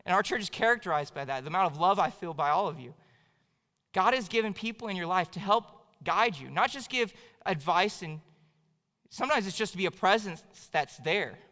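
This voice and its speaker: A man's voice: sits high, animated, a little fast, bright, forceful tone. A young man preaching a sermon in a church, telling a self-mocking story in a casual, chatty way. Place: church sanctuary. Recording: long hall reverb.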